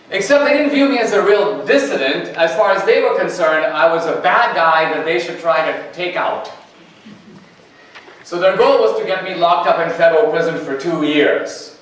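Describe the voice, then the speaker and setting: A man with a fairly bright, somewhat high voice gives a campus lecture as a guest speaker in a university hall, telling anecdotes and acting out dialogue. The mic is distant and the hall echoes.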